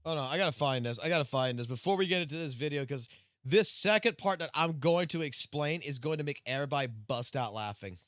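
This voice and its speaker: A man's voice: on the high side, fast talker, fairly bright tone, no room sound, clean studio sound. A man live-streaming, ranting casually with heavy swearing and rambling restarts. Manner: profane, rambling, restarts sentences. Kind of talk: casual late-night stream rant.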